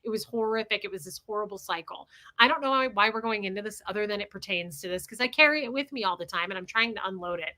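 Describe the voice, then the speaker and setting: A woman hosting a livestream, telling a personal story in a candid, blunt, animated way. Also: medium pitch, fast talker. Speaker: livestream host.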